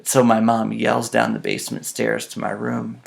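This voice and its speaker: A man's voice: medium pitch, level tone, moderate pace, creaky. A man telling self-mocking personal stories in a casual, dramatic way. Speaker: storyteller.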